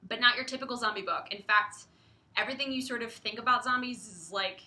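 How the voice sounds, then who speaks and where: Young woman co-host, chatty and giggly, very bright tone, echoey room. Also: fairly high pitch, fast talker. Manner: chatty, giggly, many likes and ums. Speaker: publisher livestream co-host. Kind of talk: casual chat.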